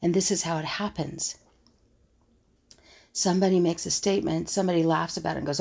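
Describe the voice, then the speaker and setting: Low gravelly woman, kinda husky, coach type thinking out loud. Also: a little fast, long pauses. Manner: musing, acts out others' scoffing remarks. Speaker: conflict resolution coach. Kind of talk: reflective solo monologue.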